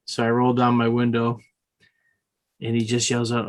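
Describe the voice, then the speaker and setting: A man chatting on a podcast tells his stories loosely, restarting his sentences and circling back. His voice stays level and flat, with little rise and fall. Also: medium pitch, moderate pace. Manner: rambling, many restarts and fillers. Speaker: podcast co-host. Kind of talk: casual chat.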